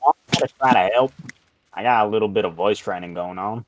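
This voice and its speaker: A man's voice: fairly low pitch, fairly quick, a little hiss or hum. A man playing a tabletop role-playing game, joking around and giving mock coaching to another player. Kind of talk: casual in-character tabletop play.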